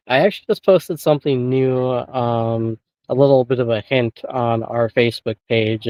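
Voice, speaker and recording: A man's voice: medium pitch, dry recording. A man chats as an interview guest, wandering through his points with plenty of filler and easy chuckles. His voice comes through a slightly muffled, lo-fi call. The sound is dry, with no room around it. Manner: rambling, heavy on filler phrases, chuckles often. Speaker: guest paranormal investigator. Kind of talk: casual interview chat.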